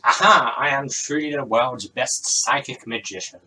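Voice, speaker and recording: A man voicing a boastful, theatrical male stage magician who makes loud, grandiose announcements. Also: mid-range voice, animated, measured pace, far from the mic, slight background noise, rough recording. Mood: triumphant.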